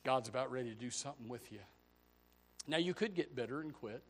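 A man preaching a sermon as a pastor, firing off rhetorical questions and swinging between hushed lines and loud, shouted peaks. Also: medium pitch, fast talker, a little hiss or hum.

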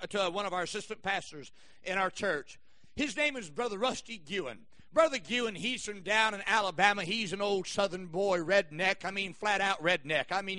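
High-voiced man preaching a fiery sermon. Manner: emphatic preaching that swings between shouted peaks and quiet asides. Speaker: pastor.

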